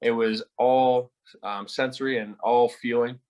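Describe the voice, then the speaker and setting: Young guy guest on a podcast, mid-pitch voice, thoughtful, kinda halting. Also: steady tone, a little mellow, poor audio. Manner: reflective, earnest, speaks in halting phrases. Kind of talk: casual conversation.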